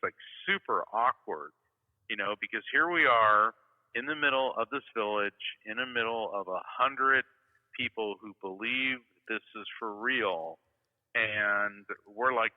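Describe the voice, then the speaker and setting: A man's voice: on the low side, moderate pace, long reverb tail, narrow, tinny audio. A man telling a long travel story in a casual interview, full of fillers and asides. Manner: rambling, many "you know" fillers, animated retelling. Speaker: guest storyteller.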